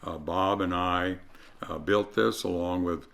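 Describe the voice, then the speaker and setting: A man's voice: low voice, steady tone, measured pace, gravelly, a bit bright. An older man recalling his early years as a lawyer in a casual, storytelling way. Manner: storytelling, acts out quoted voices. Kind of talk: casual spoken memoir.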